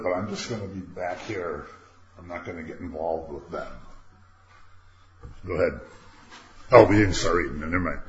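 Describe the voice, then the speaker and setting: Older man, very low voice, casual Bible study teacher, dull lo-fi recording, faint hiss. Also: normal speed, pauses often, echoey room. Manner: conversational, animated when quoting God.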